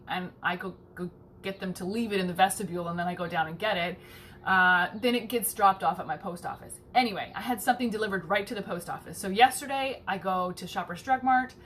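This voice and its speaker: A woman, a home baking vlogger, rambles through a casual story and acts out the people in it. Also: slight background noise. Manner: chatty, animated, swears casually, acts out quoted people in a higher voice. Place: home kitchen.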